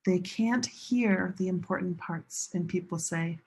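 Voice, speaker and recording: Slow, husky-voiced woman teaching pronunciation. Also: lowish voice, a little mellow. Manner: slow, deliberate, demonstrates stress with exaggerated syllables. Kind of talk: classroom teaching.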